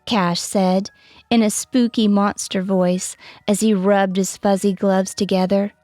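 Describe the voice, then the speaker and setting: Woman, bedtime storybook narration, unhurried, dry close sound, soft music under. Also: medium pitch, level tone, dry recording. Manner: slow, gentle read-aloud with light character voices. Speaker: storyteller and author.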